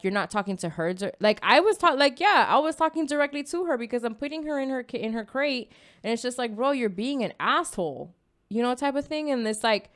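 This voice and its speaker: A woman co-hosting a casual podcast, telling a personal story with animated energy. She acts out her own quoted lines and keeps checking in with "you know what I mean." Her voice sits at a middle pitch for a woman. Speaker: podcast co-host. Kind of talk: casual chat.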